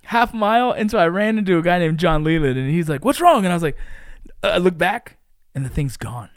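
A man with a slightly raised voice tells a story in casual podcast chat. He curses freely and flares into shouts at the tense moments. The sound is dry and close to the mic. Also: high-pitched, a little fast, no room sound. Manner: animated, profane, shouts during exciting moments. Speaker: podcast host.

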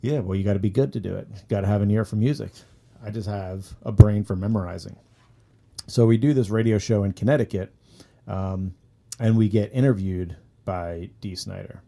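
Male musician guest, dark gravelly voice, rambling anecdotal delivery. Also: on the low side, normal speed. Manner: rambling anecdotes with many fillers and restarts. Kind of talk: casual storytelling interview.

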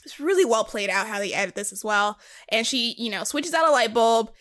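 A woman co-hosting a casual podcast, excitedly retelling horror movie scenes with giggles and quoted lines. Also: on the high side, a little fast. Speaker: podcast co-host. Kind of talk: casual movie review chat.

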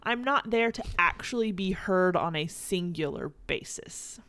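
A woman, co-hosting a podcast in casual chat, loud and quick to laugh. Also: lowish voice. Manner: loud, laughs often, animated storytelling. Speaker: podcast co-host.

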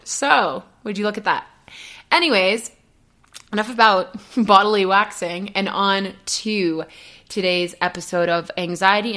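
A young woman talks through a casual podcast monologue in a chatty, animated way. Her voice sits in a middle pitch, and she slips into her own inner voice when she quotes her thoughts. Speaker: podcast host.

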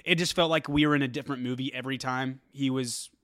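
A man co-hosting a casual movie review chat, animated and profane, often laughing. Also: medium pitch, quick pace, no room sound. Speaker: movie review podcast co-host.

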